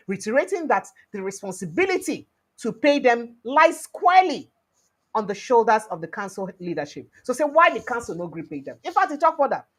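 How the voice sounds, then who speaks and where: A young Nigerian woman with a Nigerian accent, commenting on news in pidgin and English and acting out quotes. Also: on the high side. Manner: animated, mixes pidgin and English, acts out quotes.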